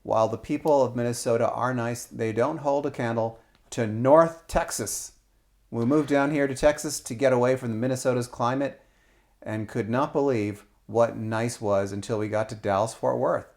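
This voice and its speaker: A man's voice: mid-range voice, normal speed, creaky, darkish tone. A man hosting a casual travel podcast, reading listener comments aloud and chatting with his family. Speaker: podcast host.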